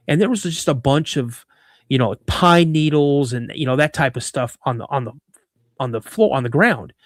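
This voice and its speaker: A lively man in his fifties from Washington State, telling a personal story as a guest and acting out every bit of dialogue. His voice sits a little high for a man and sounds close and dry with no room around it. He often repeats words and restarts mid-sentence. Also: no echo. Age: 50s. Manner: animated storyteller who acts out quoted dialogue. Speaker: guest, cryptid researcher. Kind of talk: personal story told in conversation.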